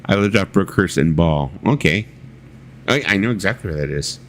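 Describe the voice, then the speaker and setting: A man with a deep, fairly bright voice hosts a casual livestream chat at a normal pace with lively intonation. He tells rambling stories, reads viewer comments aloud and swears freely, with a little hiss or hum in the background.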